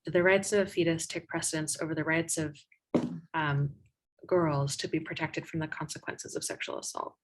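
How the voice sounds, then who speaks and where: A woman's voice: sits low, level tone, moderate pace, a little hiss or hum, rough recording. A woman moderating an online debate, chatty and playful while reading out audience questions.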